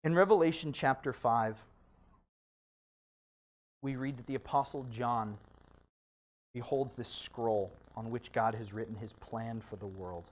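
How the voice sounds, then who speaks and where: A pastor preaching a sermon in a church, building emphasis through repeated phrases. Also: medium pitch. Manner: stumbles and corrects with a laugh.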